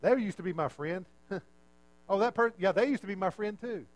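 A male pastor with a notably high voice preaches in an easy, conversational way, teasing the congregation and poking fun at himself. He often drops to a low, quiet aside to land the punchline. The recording is brisk and dry.

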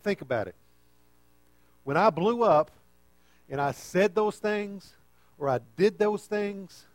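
A man's voice: a little high, no room sound. A man preaching a conversational sermon and often checking in with the listeners.

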